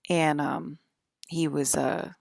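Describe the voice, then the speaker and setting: Woman, 40s, low and creaky, rambling home-vlog monologue, dry close sound. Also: fairly even intonation, slow pace, no room sound. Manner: rambling, filler-heavy, keeps asking "okay?". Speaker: channel host.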